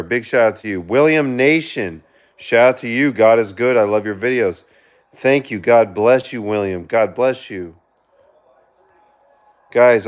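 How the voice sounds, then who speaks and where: A man hosting a casual live stream, reading viewer comments aloud and giving shout-outs, earnest with sudden excited outbursts. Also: medium pitch. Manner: reads chat aloud and gives quick shout-outs. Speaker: livestreamer reading viewer chat.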